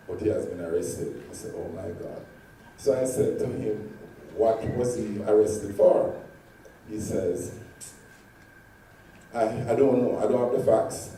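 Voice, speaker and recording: A man telling stories in a convention speech, swinging dramatically between loud and hushed. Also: lowish voice. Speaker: convention speaker. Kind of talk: storytelling speech. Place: large convention hall. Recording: echoey hall from far off, faint noise.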